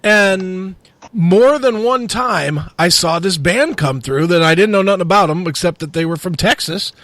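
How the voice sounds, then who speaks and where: A man's voice: sits high, normal speed, dry recording. A middle-aged man, a metal radio host, telling stories with lots of swearing in a casual podcast chat. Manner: profane, animated storytelling.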